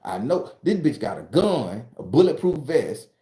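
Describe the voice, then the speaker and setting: A man from southern Florida telling a wild personal story in a casual, profane, rambling way, climbing higher and louder as he gets worked up. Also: sing-song, measured pace. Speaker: storytelling channel host. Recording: roomy echo.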